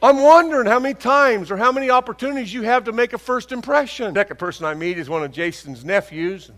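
A man preaching a sermon, telling stories and acting out conversations, asking rhetorical questions with lively emphasis. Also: very high voice, quick pace. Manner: animated, acts out dialogue, rhetorical questions. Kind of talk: sermon with storytelling. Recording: long hall reverb.

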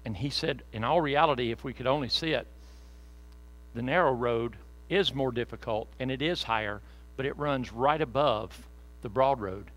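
A man's voice: mid-range voice, normal speed, a bit bright, rough recording. A man preaching a sermon as pastor, folksy and conversational with joking asides to the congregation.

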